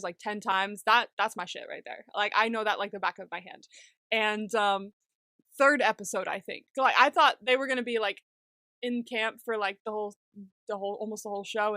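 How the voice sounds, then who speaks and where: A young adult woman co-hosting a podcast in casual chat, excitable, swearing freely and laughing often. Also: medium pitch, no echo, studio quality. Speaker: podcast co-host.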